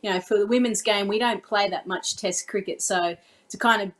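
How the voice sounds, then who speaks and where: A woman, a former cricketer turned commentator, telling a story in relaxed chat with a lot of ums. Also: mid-range voice, brisk. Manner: chatty, frequent ums, acts out her own on-air call.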